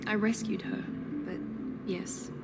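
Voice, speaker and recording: An actress playing a composed young operative in video game dialogue, speaking in a measured, quietly emotional way. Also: female voice, medium pitch, steady tone, gravelly, very noisy. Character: composed young woman, a cool-headed operative.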